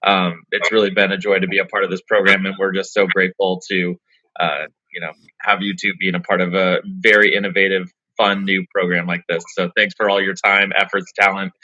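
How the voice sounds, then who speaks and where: A man giving judge feedback on a live online contest over a video call, grateful and measured. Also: sits low, flat delivery, bright, forceful tone, dry recording, lo-fi sound.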